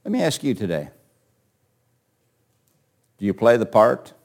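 Lively, slow-talking male preacher. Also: medium pitch, vocal fry. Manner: rhetorical questions, swings from quiet to forceful. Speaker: pastor. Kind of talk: sermon.

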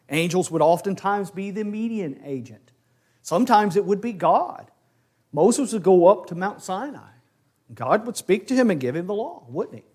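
A man teaching a Bible class lesson, talking with energy and putting questions to his class. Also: high-pitched. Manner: animated, asks the class questions.

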